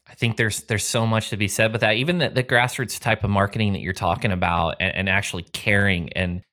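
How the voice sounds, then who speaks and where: A man hosting an interview, responding in a measured and reflective way. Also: on the low side, fairly even intonation, sharp tone. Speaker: host. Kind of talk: podcast interview.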